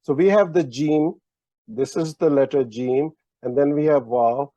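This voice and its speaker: A man's voice: a little high, a little slow, mellow, no room sound. A man teaching a language lesson, explaining patiently with many fillers and restarts. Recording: dull lo-fi online lesson audio.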